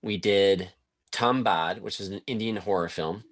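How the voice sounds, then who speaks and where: A man's voice: on the low side, a little slow. A man hosting a podcast, talking in a casual, chatty and upbeat way. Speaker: podcast host. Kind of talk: casual chat.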